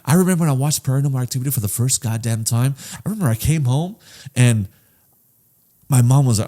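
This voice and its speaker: A man co-hosting a comedy podcast, ranting casually with heavy swearing, swinging from low mutters to loud outbursts. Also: fast talker. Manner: profane, animated, swings between mumbling and yelling. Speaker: podcast co-host.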